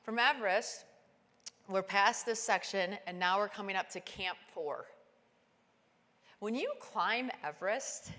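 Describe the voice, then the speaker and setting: A woman giving a motivational keynote talk, telling a climbing story and acting out the dialogue with sudden bursts of high excitement. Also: unhurried, long pauses, long reverb tail. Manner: animated, acts out dialogue with sudden high-pitched exclamations. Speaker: keynote speaker. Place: conference stage in a large hall.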